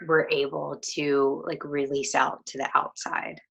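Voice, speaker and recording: A woman's voice: deep voice, little pitch movement, unhurried, gravelly, a bit bright, lo-fi sound. A young woman on a video call, talking thoughtfully about a book in casual chat, with many fillers and restarts. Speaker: co-host of a book discussion.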